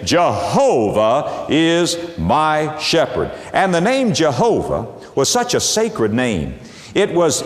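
A man preaching a sermon, dropping to hushed low tones and rising for emphasis. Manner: lively, dramatic swings from soft low tones to high emphasis. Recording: echoey hall reverb.

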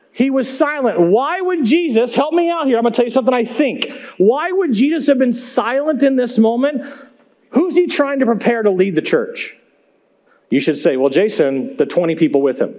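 A high-voiced male pastor preaches in a loose, conversational way. He stays animated and keeps drawing the congregation in with questions. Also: normal speed. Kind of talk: sermon.

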